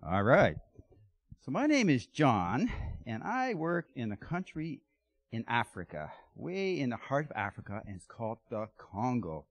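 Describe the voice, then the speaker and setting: In a church sanctuary, a guest speaker gives the children's blessing as a playful talk, asking the kids lots of questions. His medium-pitched voice is sing-song and a little slow.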